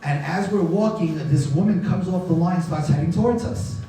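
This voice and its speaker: A man's voice: high voice, normal speed, slight background noise. A middle-aged man giving a live talk, telling his own story and animatedly acting out the dialogue of the people in it. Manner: animated, acts out dialogue in voices. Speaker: guest speaker. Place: large synagogue hall. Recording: echoey hall, mic from far.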